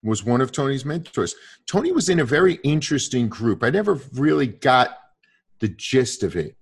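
A man with a husky, slightly breathy voice tells a story in a loose conversational way. He talks with animation and keeps slipping into quoted lines from the people in his story. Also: mid-range voice, very animated, normal speed. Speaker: guest storyteller.

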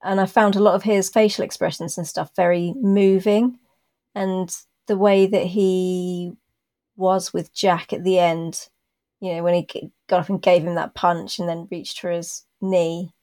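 A woman co-hosting a podcast in casual chat, talking through a TV episode in thoughtful, drawn-out explanations with a dry, self-deprecating humor. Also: on the low side, little pitch movement, dark tone. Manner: thoughtful, explains her views at length. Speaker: podcast co-host.

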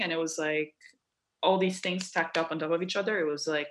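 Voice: medium pitch, fairly even intonation, fairly quick, fairly bright tone. An interview guest from Lebanon recounting personal memories in an earnest way, repeating phrases in long lists and often saying "like". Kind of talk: personal recollection in conversation.

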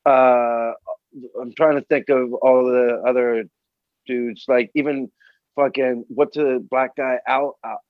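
A man's voice: medium pitch, fairly even intonation, slow pace, no room sound, narrow, tinny audio. A man with a North American accent, co-hosting a podcast in a laid-back, rambling way and swearing freely. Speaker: podcast co-host. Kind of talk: casual chat.

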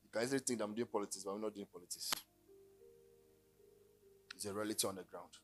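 A middle-aged Ghanaian man preaching a sermon, telling stories and joking, breaking into sudden loud bursts. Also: fairly low pitch, fairly even intonation, fast talker, soft background music. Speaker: pastor.

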